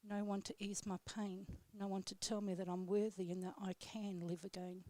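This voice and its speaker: A woman on live radio reading her own poem aloud in a steady, measured way, then chatting with the host. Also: medium pitch, no room sound. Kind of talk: poetry reading, then casual chat. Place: radio studio.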